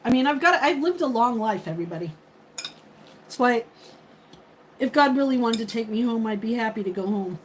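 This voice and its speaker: Brief: woman, 50s, livestream host, slightly high voice, chatty, faint noise behind. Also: brisk, pauses often, rough recording. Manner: chatty, thanks viewers by name. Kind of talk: casual live chat with viewers.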